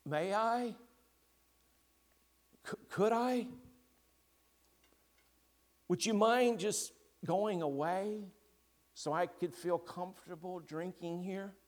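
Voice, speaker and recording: A man's voice: sits high, slow, long pauses, voice pushed up. A man voicing a frightened, thirsty young girl in a storybook reading during a sermon, hesitant and pleading.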